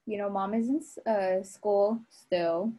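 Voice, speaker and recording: A young adult woman chatting casually as a guest, agreeable and quick to laugh along. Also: medium pitch, steady tone, mellow. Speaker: guest, host's niece. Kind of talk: casual family chat.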